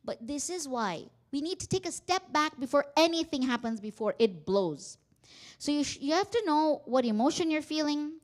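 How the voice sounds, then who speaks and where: Animated woman leading a family workshop. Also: high-pitched, moderate pace. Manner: animated, acts out quoted dialogue. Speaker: workshop speaker. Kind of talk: workshop talk on family communication. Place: community center hall.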